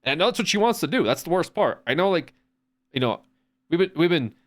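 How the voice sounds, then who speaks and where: A man's voice: a little high, very animated, fast. A man streaming from home, chatting casually in a rambling way with lots of restarts and swearing. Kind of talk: casual chat.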